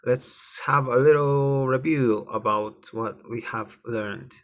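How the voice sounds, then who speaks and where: Here a male Spanish teacher moves at a slow pace, spelling words and repeating phrases over and over in a deliberate lesson. He speaks at a medium pitch with a fairly bright tone.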